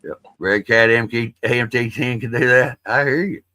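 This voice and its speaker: Bright-voiced man rambling casually. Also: mid-range voice, normal speed, no room sound. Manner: rambling, profane, folksy. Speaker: livestream host. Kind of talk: casual livestream chat.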